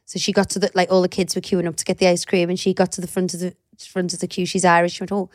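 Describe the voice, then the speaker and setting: A woman's voice: rapid-fire, no echo, clean studio sound. A woman, co-hosting a casual podcast chat and acting out family stories. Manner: animated storyteller, acts out high squealing quotes. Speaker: podcast co-host.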